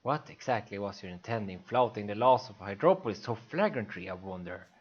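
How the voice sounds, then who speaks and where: Figure: a man doing a calm, formal official. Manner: measured. Range: lively. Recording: dull, lo-fi. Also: lowish voice, husky. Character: cool, composed male official in a palace.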